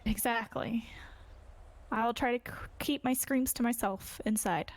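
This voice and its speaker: A woman chatting as a police partner in a roleplay game, telling stories in an animated, talkative way. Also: a little high, measured pace. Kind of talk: casual chat during roleplay.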